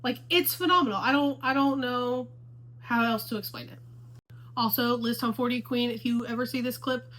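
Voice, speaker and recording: A woman's voice: a little high, flat delivery, moderate pace, a little hiss or hum, rough recording. A woman chatting casually to the camera about books she loves. She gushes and repeats herself for emphasis. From Houston, Texas area. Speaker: book vlogger.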